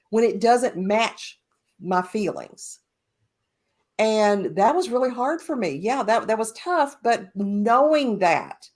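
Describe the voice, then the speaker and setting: Emphatic woman podcast host. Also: on the high side. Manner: storytelling, speeds up and slows down, emphatic. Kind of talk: casual spiritual podcast talk.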